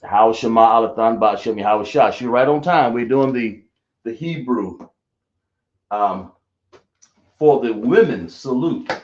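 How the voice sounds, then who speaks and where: A man teaching a class, slowly spelling out sounds and quizzing his students. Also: mid-range voice, animated. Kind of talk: classroom lesson. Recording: roomy, dull lo-fi sound.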